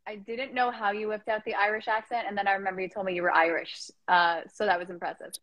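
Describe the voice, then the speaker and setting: A woman guest on a casual live stream chat, talking in an animated, rambling way and laughing often. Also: medium pitch, fast, dry recording, dull audio. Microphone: Instagram Live stream.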